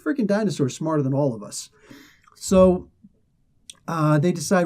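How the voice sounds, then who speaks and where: A man hosting a casual comic book review, talking in a chatty, animated way with frequent laughs and side remarks. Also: on the high side, normal speed, long pauses.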